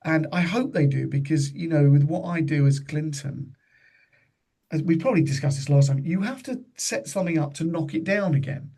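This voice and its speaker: A man spins loose, chatty stories as a podcast guest. His voice sits a little high, with a gravelly fry and a husky edge. He keeps mimicking the people he talks about. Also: normal speed, dark tone. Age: 50s. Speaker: comedian guest. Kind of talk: casual podcast anecdote.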